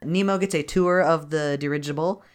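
A woman's voice: deep voice, normal speed. A woman co-hosting a podcast, casually retelling a movie plot with laughs and swearing. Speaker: podcast co-host. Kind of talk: casual chat recapping a movie.

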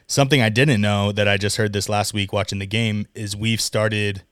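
A man hosting a casual sports podcast, upbeat and chatty, quick to laugh, talking over a remote call microphone. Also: fairly low pitch, steady tone, a bit bright, smooth, dry recording, clean studio sound. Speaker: podcast host.

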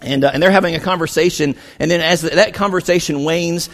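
A man preaching a sermon as pastor, animated, acting out the voices of biblical figures as he retells the story. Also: on the high side, fast talker, long reverb tail.

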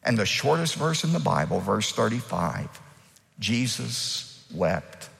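A man's voice: lowish voice, sing-song, normal speed, creaky, fairly bright tone, big-room sound. A man preaching a sermon as the pastor, emphatic, and acting out the lines he quotes.

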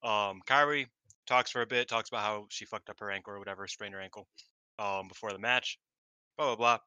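A man co-hosting a wrestling podcast, casually and profanely retelling events with a lot of excitement. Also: fairly low pitch, fairly quick, smooth, no echo. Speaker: podcast co-host. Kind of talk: casual chat.

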